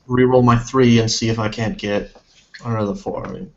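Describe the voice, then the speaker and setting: A man's voice: on the low side, fairly even intonation, normal speed, darkish tone, dull audio. A man playing a tabletop game, describing his actions in first person and correcting himself as he goes. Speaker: player.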